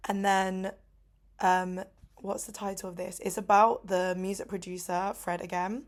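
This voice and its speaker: A woman's voice: medium pitch, little pitch movement, unhurried. A young woman in casual vlog chat, rambling with lots of "like", lying in bed in pain. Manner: rambling, heavy use of "like". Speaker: vlogger.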